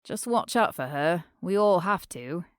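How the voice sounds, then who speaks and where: A woman's voice: lowish voice, lively intonation, measured pace, dry recording, clean studio sound. A woman doing a gossipy male friend.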